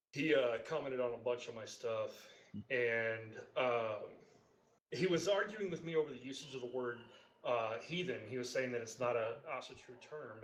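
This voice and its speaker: Guy on a podcast telling stories, laid back, echoey room sound. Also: medium pitch. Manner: relaxed, swears lightly, tells anecdotes. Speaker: podcast guest. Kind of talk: casual chat. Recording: roomy echo.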